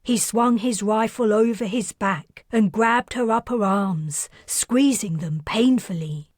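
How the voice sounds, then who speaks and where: Woman author-narrator, calm and measured; slow, husky read. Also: medium pitch, dry recording, clean studio sound. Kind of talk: scripted narration.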